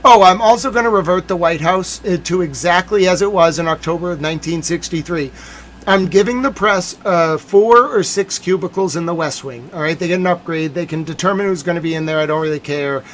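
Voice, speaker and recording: A man's voice: sits high, a little fast, fairly bright tone, slight background noise. A young man hosting a livestream, rambling through a playful, mock-boastful joking monologue. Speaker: streamer host.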